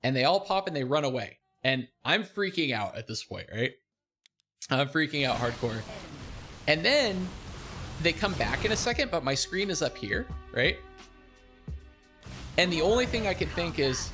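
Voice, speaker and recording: A young man streaming, casually talking through a replay of his own game, animated and self-deprecating, laughing often. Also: medium pitch, moderate pace, over music.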